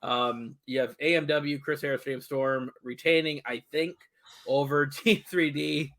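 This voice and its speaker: Male podcast co-host, slightly high voice, hesitant recaps. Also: steady tone, unhurried, a bit bright. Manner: recaps matches with many "um"s, amused disbelief. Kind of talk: casual match recap.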